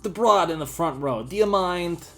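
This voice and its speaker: Brief: man playing a frantic, high whiny vintage comic, loud and drawn out, game music behind. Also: expressive, moderate pace. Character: whiny nasal slapstick comic, male, frantic.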